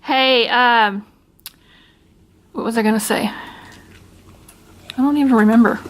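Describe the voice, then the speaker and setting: A woman's voice: a little high, slow pace. A woman hosting a casual family vlog, filming at home and teasing her family in a playful, chatty way.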